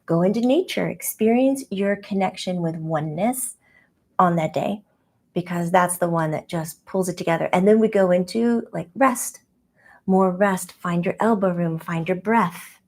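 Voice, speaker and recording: A woman's voice: lowish voice, normal speed, darkish tone. Woman channeling a giggly childlike spirit guide. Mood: playful. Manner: chatty and rambling, giggly, many "like"s.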